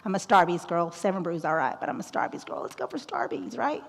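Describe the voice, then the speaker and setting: A woman's voice: lowish voice, big pitch swings, quick pace, creaky. A woman in her thirties giving a school talk as a guest presenter, outgoing and joking, often checking in with "right?". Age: 30s. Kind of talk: school talk on mental health. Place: large auditorium. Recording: long echo of an auditorium.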